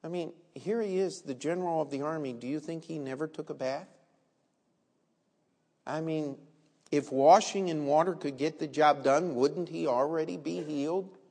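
High-voiced man preaching in a hall. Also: moderate pace, vocal fry. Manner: animated storytelling preaching with rhetorical questions to the congregation. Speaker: pastor. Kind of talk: sermon. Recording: long reverb in a large hall.

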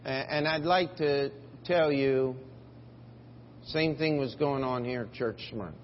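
Guy pastor preaching slow in a big echoey church, kinda dull muffled recording. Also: mid-range voice, slight background noise. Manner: emphatic preaching, rising for scripture quotes. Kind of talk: sermon. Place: church sanctuary.

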